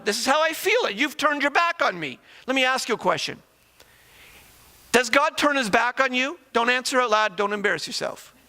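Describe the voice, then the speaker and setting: High, bright-voiced preaching pastor in a reverberant church. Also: male voice. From Canada. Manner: rhetorical questions, emphatic preaching. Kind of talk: sermon. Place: church sanctuary. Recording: long reverb of a church hall.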